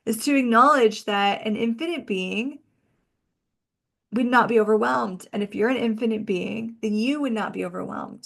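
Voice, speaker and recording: A woman hosting a self-help podcast, talking reflectively in a casual, musing way, often slowing down and drawing out words. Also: fairly high pitch, gravelly, a bit bright. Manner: musing, conversational, uses "like" a lot. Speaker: podcast host and energy coach.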